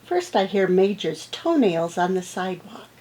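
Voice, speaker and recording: A woman's voice: mid-range voice, sing-song, slight background noise, rough recording. A woman teaching young children, reading aloud and acting out sound words playfully. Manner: slow, warm-up teacher talk with playful sound effects. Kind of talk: read-aloud lesson for children.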